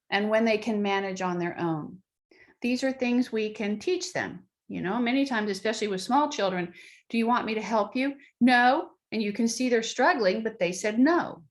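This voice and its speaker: Chatty middle-aged woman giving parenting advice. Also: on the high side. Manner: conversational, acts out quoted dialogue. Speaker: parenting speaker. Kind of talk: motivational talk to an audience.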